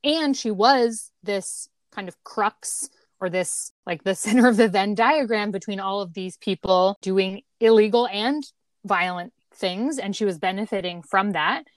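A woman in a casual film discussion, making steady analytical points and often ending them with "right?". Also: mid-range voice, a little slow, no room sound.

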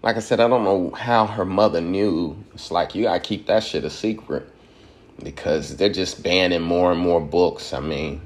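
A man's voice: low-pitched, moderate pace. A man from Georgia, giving a loose, profane commentary monologue and laughing at his own points.

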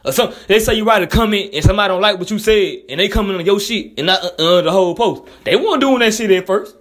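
A man's voice: sits high, fast, a bit bright. A man delivering a blunt, profane, heated casual monologue as a commentator.

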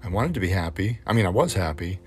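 A man speaking in a personal reflective monologue, halting and hesitant with many fillers, candid and casually swearing. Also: low voice, lively intonation, a little mellow, soft background music.

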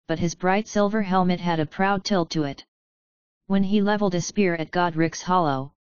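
A woman narrating a fantasy audiobook in a measured, steady reading. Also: on the low side, smooth, no room sound, highs cut off.

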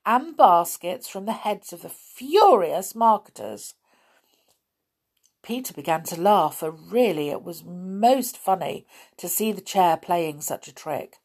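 Woman storyteller, children's book reading, slow and expressive. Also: mid-range voice, breathy edge.

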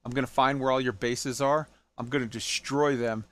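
A man hosting a podcast in casual chat, joking and telling animated little stories. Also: mid-range voice, moderate pace. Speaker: podcast host.

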